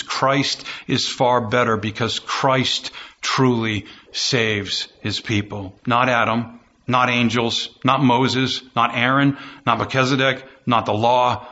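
A man's voice: mid-range voice, sharp tone, highs cut off. A man preaching a sermon as pastor, building phrases through repetition and rising fervor.

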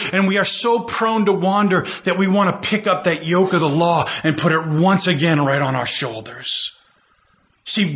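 A pastor preaches with fervor, driving his points home through repetition. His voice sits a little high for a man and comes across forceful and bright. The recording is somewhat muffled and lo-fi. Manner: preaching with rising fervor, repeating phrases for emphasis. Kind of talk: sermon.

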